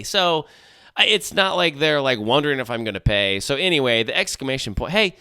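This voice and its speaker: Bright chatty middle-aged podcast host. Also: male voice, mid-range voice, animated, fairly quick, clear, resonant tone, dry recording, clean studio sound. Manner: chatty, jokey, full of asides and restarts. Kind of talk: solo casual podcast chat.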